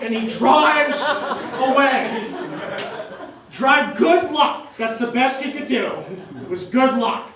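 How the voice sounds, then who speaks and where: A man's voice: very high voice, expressive, takes it slowly, crowd noise. A man from Maine doing a stand-up comedy set on a club stage, rambling and self-deprecating as he tells his stories. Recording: echoey room from a distance. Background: audience laughter.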